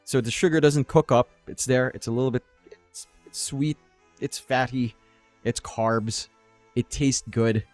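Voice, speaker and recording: A man's voice: mid-range voice, fairly even intonation, measured pace, darkish tone, soft background music. A man from the Philippines working as an esports caster, chatting casually and teasing his co-caster. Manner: joking, playful teasing. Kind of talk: casual chat between casters.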